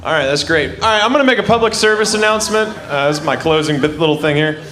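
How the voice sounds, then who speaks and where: A man's voice: a little high, lively intonation, fast, bright, forceful tone. A male stand-up comedian ranting indignantly on a club stage. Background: laughing audience.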